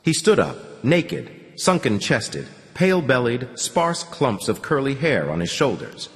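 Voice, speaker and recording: A man reading an audiobook aloud in an expressive storytelling way. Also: mid-range voice, a little slow. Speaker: audiobook narrator. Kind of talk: scripted narration. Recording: long hall reverb.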